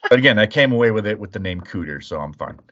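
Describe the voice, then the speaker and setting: A man's voice: lowish voice, lively intonation, fast, a bit bright, muffled recording. A man from the Chicago area, hosting a casual chat podcast and telling profane, rambling stories. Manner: profane, storytelling. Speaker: podcast host.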